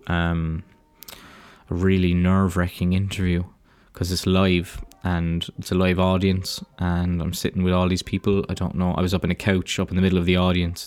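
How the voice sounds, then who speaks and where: Irish male podcast host, deep-pitched, meandering and foul-mouthed, self-mocking delivery. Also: a little mellow, clear, resonant tone, no room sound. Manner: rambling, profane, self-deprecating. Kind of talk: casual solo podcast monologue.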